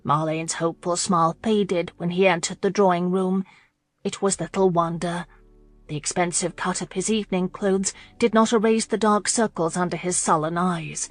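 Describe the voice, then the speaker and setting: Lower-voiced woman narrating a romance audiobook. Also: steady tone, moderate pace, dry recording, faint music behind.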